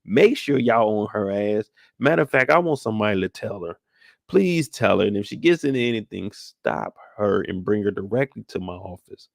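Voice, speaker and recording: A man's voice: fairly low pitch, expressive, moderate pace, creaky, no room sound, clean studio sound. A man playing an exasperated middle-aged male police captain, ranting profanely and bossily at his detectives.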